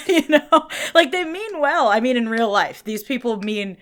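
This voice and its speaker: A woman with a New Jersey accent co-hosting a podcast in casual chat, animated and laughing, acting out little quotes. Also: high-pitched, measured pace. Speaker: podcast co-host.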